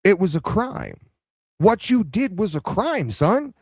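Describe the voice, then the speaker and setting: Brief: male live-stream commentator, sarcastic and scolding, very animated pitch, dry recording. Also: slow, breathy edge, dry recording. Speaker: commentary channel host. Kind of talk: heated live reaction commentary.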